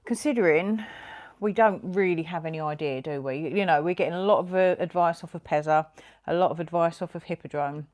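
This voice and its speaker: A woman's voice: fairly low pitch, a little fast, a little mellow. Dry-humoured woman. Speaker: motorcycle travel vlogger. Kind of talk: casual chat. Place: hotel room, indoors.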